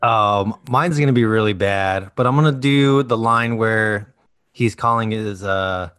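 A man's voice: lowish voice, unhurried, fairly bright tone, clear, resonant tone, no room sound. Brief: male podcast host, easygoing, dry close sound. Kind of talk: casual chat.

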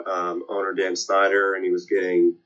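Man, low voice, dull lo-fi audio, panelist, plainspoken. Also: monotone, moderate pace, fairly bright tone. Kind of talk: casual sports talk.

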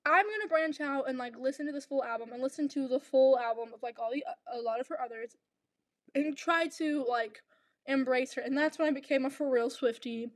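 A young woman co-hosting a podcast in casual chat, chatty and playful with quick asides. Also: sits high, no echo. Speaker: podcast co-host.

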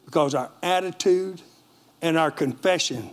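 Middle-aged pastor preaching, high voice for a guy, keeps asking amen. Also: measured pace. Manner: energetic storytelling preacher, call-and-response asides. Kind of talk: sermon.

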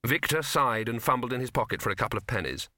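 Man narrating with a bright voice. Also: medium pitch, lively intonation, fast talker, dry recording, clean studio sound. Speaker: audiobook narrator. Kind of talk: scripted narration.

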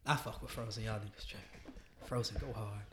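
A young man on a comedy podcast, talking in animated, slangy casual chat and laughing often. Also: fairly low pitch, fairly quick. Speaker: podcast co-host.

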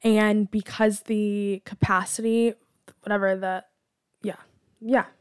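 A woman's voice: medium pitch, slow pace, clear, resonant tone. A young woman in her twenties, chatting casually and with sarcasm as she tells dating stories, full of filler words. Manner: chatty, animated, with frequent "like" fillers; sarcastic disbelief. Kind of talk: casual storytelling monologue.

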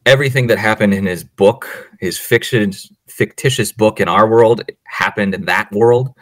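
A man's voice: lowish voice, normal speed, dry recording. A man co-hosting a podcast, recapping a movie in casual chat, acting out the characters' lines and laughing often. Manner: animated storyteller, acts out quotes, laughs often. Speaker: podcast co-host.

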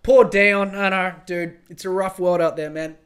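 A man's voice: high-pitched, steady tone, normal speed, a bit bright. A man hosting a podcast alone, ranting in a profane, rambling, emphatic way. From Australia. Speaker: podcast host. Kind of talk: solo podcast rant.

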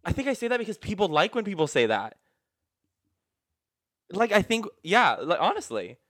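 A man's voice: sits high, big pitch swings, moderate pace, a bit bright. A man co-hosting a podcast in casual chat, rambling and using lots of filler words. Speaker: podcast co-host.

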